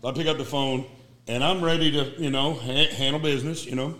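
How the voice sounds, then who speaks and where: A man's voice: medium pitch, a little fast, reverberant. A man who served as a Marine gunnery sergeant, telling war stories in casual chat, swearing and acting out the quotes. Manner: profane, animated storyteller acting out quotes.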